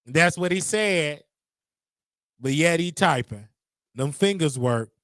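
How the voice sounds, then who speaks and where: A man's voice: fairly high pitch, animated, slow, fairly bright tone, dry recording, clean studio sound. A man hosting a casual livestream, talking to his chat in a rambling, repetitive way with preacher-like call-outs. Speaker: livestream host.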